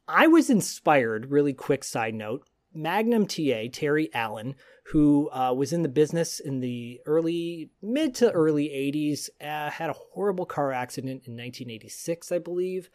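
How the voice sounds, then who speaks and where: A man co-hosting a podcast, telling a story in a rambling, enthusiastic way. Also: on the high side. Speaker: podcast co-host. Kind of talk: casual chat.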